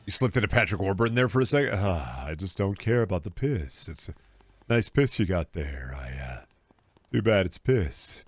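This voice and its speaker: A man with a fairly low voice, talking casually while he streams a game. His tone is sarcastic, and he keeps circling back to the same complaint in a repetitive rant. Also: big pitch swings, normal speed, no echo. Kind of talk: casual gaming stream chatter.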